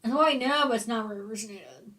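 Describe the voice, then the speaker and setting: A woman co-hosting a chatty podcast, explaining things matter-of-factly and breaking into laughter often. Her voice sits a little high for a woman. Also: very fast, fairly bright tone. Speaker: podcast co-host. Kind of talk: casual chat.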